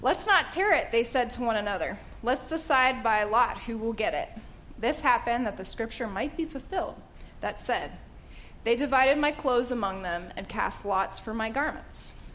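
Woman walking folks through bible passages, kinda high voice, chatty and excited, lots of um and laughs. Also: normal speed, slight background noise. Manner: chatty and enthusiastic, with frequent fillers and laughs. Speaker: Bible teacher. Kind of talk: casual Bible study teaching.

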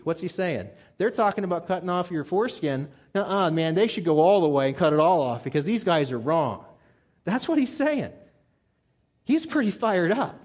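A man preaching a conversational sermon, getting fired up and talking plainly to his listeners. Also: on the high side. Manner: conversational and animated, gets fired up. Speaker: pastor.

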